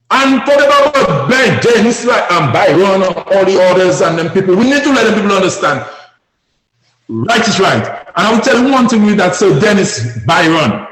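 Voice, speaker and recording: A man from Dominica with a Dominican accent, calling in to a radio talk show with fervent, preachy commentary that rises to shouts. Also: high-pitched, echoey room, low-quality recording. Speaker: caller. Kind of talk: impassioned call-in commentary.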